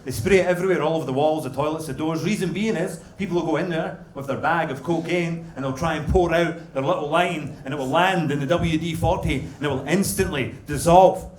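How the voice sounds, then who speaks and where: A man's voice: on the high side, brisk, hardly any pauses. Scottish man doing crude stand-up. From Scotland. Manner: crude, deadpan storytelling with sudden loud punchlines. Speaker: stand-up comedian. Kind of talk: stand-up comedy set. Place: comedy club stage. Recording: roomy club sound with audience laughter. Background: audience laughter.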